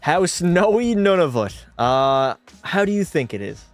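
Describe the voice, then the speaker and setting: Excitable young man calling game play. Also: fairly high pitch, unhurried, soft background music. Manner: excitable play-by-play, swears freely, talks to chat. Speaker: gaming streamer. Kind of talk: live hockey video game commentary.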